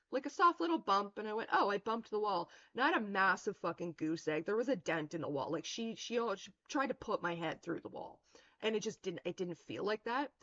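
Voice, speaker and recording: A woman streamer rambles through a story in casual talk, swearing often and leaning on fillers. Her voice sits at a middling pitch. The sound is dull and lo-fi, like a cheap stream mic. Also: fairly bright tone.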